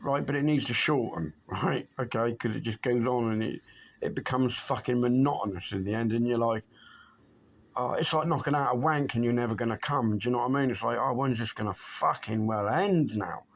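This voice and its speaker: Gravelly, sweary man in his fifties. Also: medium pitch. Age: 50s. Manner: sweary, rambling, chuckling. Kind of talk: casual vlog chat.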